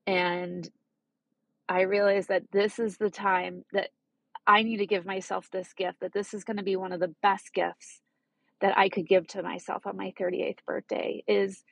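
A woman in her thirties telling a personal story in a vlog, halting and tearful, often restarting her sentences. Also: mid-range voice, flat delivery, vocal fry, fairly bright tone, slightly rough, dry recording. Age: 30s. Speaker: vlogger. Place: parked car.

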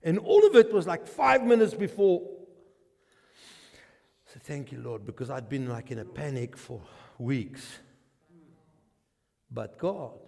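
A man with a South African accent preaching a testimony sermon, an animated storyteller who swings from hushed to shouting. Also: fairly high pitch, takes it slowly, gravelly, long pauses, big-room sound. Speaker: pastor. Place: church.

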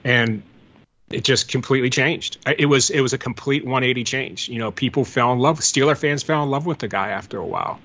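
Brisk and fairly bright, with a medium-pitched voice, this older Pittsburgh-area guest wanders through old memories in a relaxed podcast conversation. The audio is dull and lo-fi.

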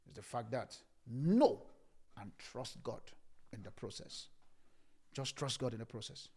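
A male pastor preaching a sermon, repeating phrases and moving from hushed whispers to loud shouts. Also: medium pitch, lively intonation, a little slow, breathy edge.

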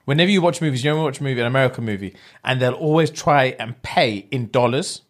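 A man's voice: medium pitch, fast. A young man, telling stories in a casual chat, slangy and swearing freely. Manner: animated storytelling, swears, slangy.

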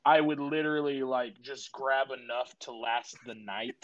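A man's voice: medium pitch, normal speed, dull audio, very noisy. A young man co-hosting a podcast, joking crudely and rambling in casual chat. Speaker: podcast co-host.

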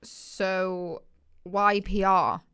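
A woman's voice: medium pitch, steady tone, drawn-out words, a bit bright, clear, resonant tone. A young woman hosting a casual podcast, chatty and teasing with her guest. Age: young adult. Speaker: podcast host.

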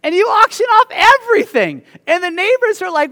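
A male pastor preaching a sermon, telling the story with lively, playful asides to the congregation. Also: extremely high pitch, moderate pace, hardly any pauses, in a large hall. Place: church sanctuary.

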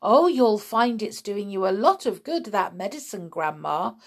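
A woman's voice: mid-range voice, lively intonation, measured pace. A woman voicing a polite, cheerful young boy in a storybook reading.

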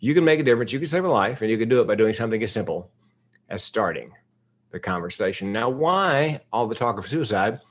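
A man in his fifties from the United States, telling a personal story in a public talk with comic timing and deadpan asides. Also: lowish voice, fast. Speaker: speaker.

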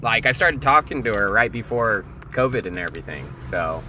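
A man's voice: fairly low pitch, expressive, moderate pace, pushed and bright, a little hiss or hum. A man bantering playfully as a podcast guest.

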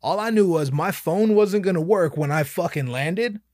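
A man telling a personal anecdote in an animated, profane, emphatic way. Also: high voice, normal speed, dry recording, clean studio sound. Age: young adult. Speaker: storyteller.

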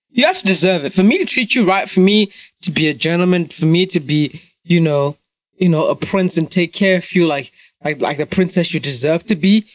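A man's voice: high voice, a bit bright, no echo. A young man talking casually to his viewers, blunt and profane, ranting with many restarts. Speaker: vlogger. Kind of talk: casual monologue to camera.

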